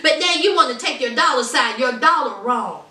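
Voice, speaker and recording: A woman's voice: high voice, expressive, moderate pace, bright, forceful tone, recorded from a distance. A woman reviewing a reality TV show in a casual vlog, ranting with emphasis and calling her viewers honey. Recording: roomy sound from off the mic.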